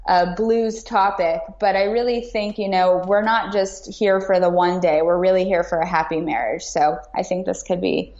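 A woman's voice: lowish voice, steady tone, normal speed, few pauses, darkish tone. A woman guest on a podcast, talking in an earnest, encouraging way. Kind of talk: casual podcast chat. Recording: roomy, dull remote audio.

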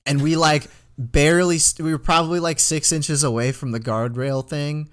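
A man's voice: on the high side, steady tone, normal speed, a bit bright, smooth. A young man in his twenties, co-hosting a podcast and telling a rambling story full of fillers in casual chat. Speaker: podcast co-host.

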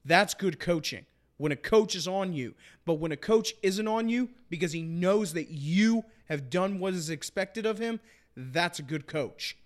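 A young man with a somewhat high voice hosting a casual sports podcast. He talks with conviction, repeating lines for emphasis and pressing each argument hard. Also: animated, unhurried. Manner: impassioned, emphatic, repeats points.

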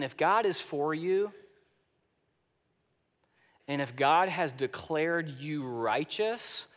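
A male pastor preaching a sermon with emphasis, moving between loud declarations and soft, hushed lines, and often repeating words as he speaks. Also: on the high side. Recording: long reverb of a large hall.

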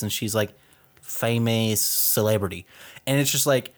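A man's voice: mid-range voice, steady tone, fairly quick. A young man from Texas co-hosting a podcast, chatting casually about a film with many fillers and frequent laughs. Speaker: podcast co-host.

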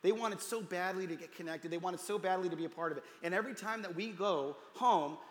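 A man in his thirties, a pastor telling a family story in a sermon, voicing the people he quotes and dropping to a hush at tender moments. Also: high-pitched, brisk. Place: church hall. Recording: roomy hall reverb.

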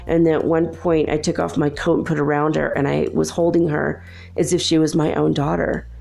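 Low gravelly woman telling a story. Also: flat delivery, brisk, dark tone. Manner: rambling, earnest, many asides. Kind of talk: personal storytelling.

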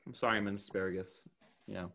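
A man's voice: lowish voice, fast talker, gravelly, a little hiss or hum. A young man hosting a podcast in casual chat, telling stories and acting out quotes with lots of laughter. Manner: animated storyteller, acts out quotes with laughter. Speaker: podcast host.

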